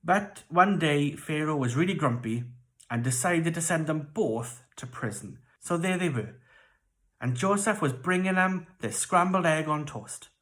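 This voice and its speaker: A children's church leader with a Welsh accent, telling a Bible story to kids in a playful, expressive way. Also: medium pitch, a little slow.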